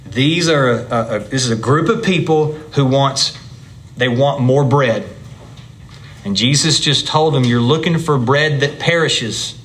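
Speaking a bit slowly in a fairly bright, middle-range voice, a man guides his class through a Bible lesson in a church classroom. He keeps it relaxed and chatty, walking them through each point in turn while a faint ambient hum sits behind him.

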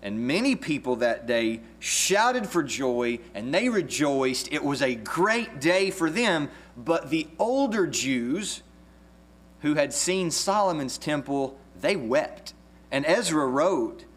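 A man preaching a sermon as pastor, earnest and measured, with a few restarts. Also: mid-range voice, animated.

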